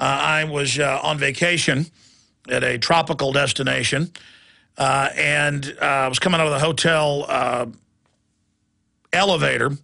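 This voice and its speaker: Man, radio host, ranting monologue, high gravelly voice, sharp and forceful. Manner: emphatic, ranting. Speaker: radio talk show host.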